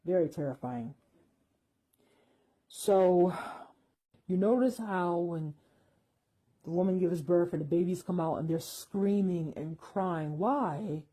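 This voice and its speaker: A woman's voice: lowish voice, slow pace, pauses often, mellow, slightly rough, poor audio. A woman giving an emphatic, repetitive spoken monologue, dismissing claims with force.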